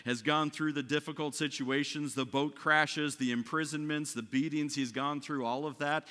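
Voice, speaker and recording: A man's voice: medium pitch, bright, forceful tone, in a large hall. A man preaching a sermon as pastor in a conversational way, often asking "right?" and restarting his sentences. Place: church sanctuary.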